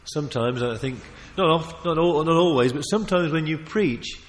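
A man preaching a sermon, emphatic and animated, often restarting his phrases and adding asides. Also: fairly high pitch, normal speed. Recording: long reverb of a large hall.

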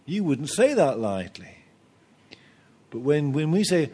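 A man's voice: on the high side, sing-song, a little slow, pauses often, warm tone, breathy edge. A man preaching a sermon with humor, acting out little dialogues and chuckling at his own jokes.

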